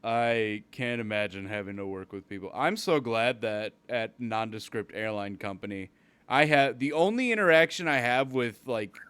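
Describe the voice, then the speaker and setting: A man co-hosting a casual chat podcast, telling animated stories about his job and acting out his rants at customers. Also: mid-range voice, clear, resonant tone. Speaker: podcast co-host.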